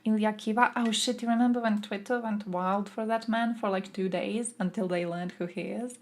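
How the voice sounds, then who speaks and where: A woman's voice: medium pitch, steady tone, normal speed. A young woman from Croatia, streaming and giving blunt, profane, sarcastic political commentary. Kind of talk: casual ranting commentary.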